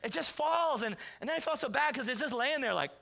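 In a very high, brisk voice with vocal fry, a man guest-preaches in a church sanctuary. He tells humorous stories with lots of animation, voicing the quoted speakers himself in a storytelling sermon.

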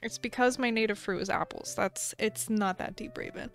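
A woman's voice: mid-range voice, steady tone, moderate pace, vocal fry, few pauses, faint music behind. A young woman in her twenties casually commenting on her gameplay, rambling and giggling, and playfully scolding the game characters. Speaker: gaming channel host. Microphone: desk microphone.

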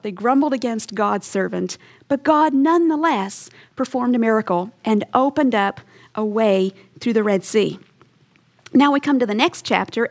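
A woman teaching a Bible lesson in an earnest, emphatic storytelling way, acting out short quotes as she goes. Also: a little high. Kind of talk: teaching sermon.

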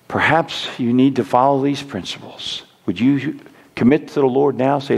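Guy pastor giving a sermon, earnest and pleading, kinda gravelly, big echoey church. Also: medium pitch, normal speed, darkish tone. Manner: earnest, pleading exhortation with repeated words. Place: church sanctuary.

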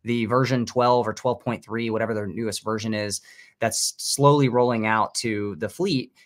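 Male co-host, lowish voice, analytical and measured, talks markets. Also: fairly even intonation. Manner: measured, analytical, hedging with "you know". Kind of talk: casual market commentary.

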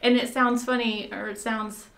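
A woman's voice: on the high side, flat delivery, normal speed, gravelly, a bit bright. A woman volunteer telling a story in conversation, rambling with fillers and restarts and often breaking into laughter.

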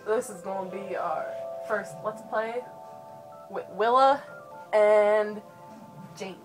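A young woman with a New York accent giving giggly, teasing, excitable gaming commentary, with game music behind. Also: medium pitch, takes it slowly. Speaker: let's play co-host.

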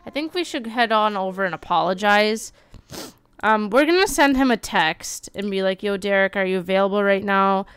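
A woman streaming live, commenting on a life-sim game with animated outbursts and quick read-outs. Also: mid-range voice, clean tone, dry recording, clean studio sound.

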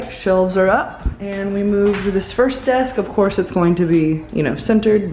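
A woman's voice: mid-range voice, dark tone. Chatty young woman in an echoey room. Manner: chatty, explaining as she works. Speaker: home makeover vlogger. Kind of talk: casual vlog narration. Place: indoors in a room being painted at home.

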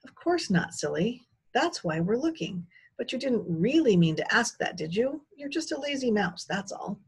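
A woman voicing a quirky, cheerful girl with a squeaky, sing-song, teasing way of talking. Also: sing-song, normal speed.

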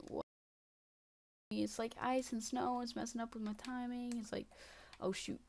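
A woman giving casual, excitable gameplay commentary, talking to herself and running herself down, swinging from muttering to shrieking. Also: medium pitch, slow pace. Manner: self-deprecating, talks to herself. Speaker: gaming channel host.

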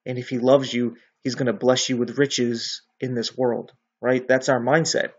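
A man teaching from the Bible in a relaxed, conversational way, often checking in with "right?". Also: mid-range voice, moderate pace, husky, lo-fi sound.

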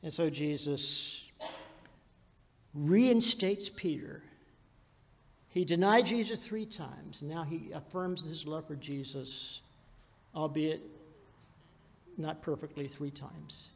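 A man preaching a sermon as pastor, telling the story dramatically and swinging between loud and hushed passages. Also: fairly high pitch, takes it slowly, creaky, big-room sound.

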